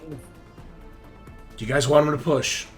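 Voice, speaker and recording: A man's voice: a little high, fairly even intonation, slow, faint music behind. A man running a tabletop role-playing game as game master, explaining rules patiently and narrating the action.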